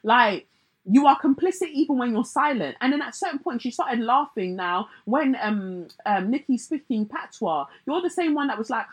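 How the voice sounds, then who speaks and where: A woman's voice: fairly high pitch, animated, normal speed, breathy edge, rough recording. A young woman, giving blunt, sarcastic pop-culture commentary and mocking others in put-on voices.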